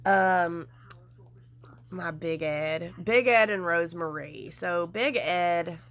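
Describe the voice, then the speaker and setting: A woman vlogger giving casual, gossipy commentary, animated and frank with some mild swearing. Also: lowish voice, slow pace.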